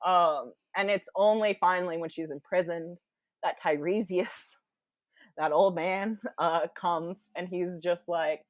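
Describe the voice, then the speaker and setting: A woman as a podcast guest, telling a story in casual, animated chat full of quoted voices. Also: on the low side, takes it slowly, no room sound.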